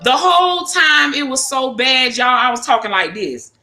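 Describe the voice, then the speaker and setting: Speaking at a moderate pace in a voice that sits high and sounds sharp, a woman runs a casual livestream chat. She talks frankly with viewers, cursing and laughing a lot. Music plays in the echoey room behind her.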